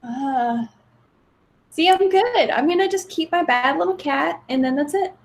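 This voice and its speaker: A woman's voice: high voice, lively intonation, a little slow. A woman chatting casually in a group, joking and telling little anecdotes. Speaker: participant in a group chat. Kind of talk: casual chat. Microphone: phone app audio.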